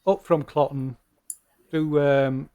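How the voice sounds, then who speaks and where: Hesitant game master, higher voice. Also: male voice, fairly even intonation, slow pace, warm tone, clean tone, highs cut off. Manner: hesitant, many ums and restarts. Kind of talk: narrating a tabletop game.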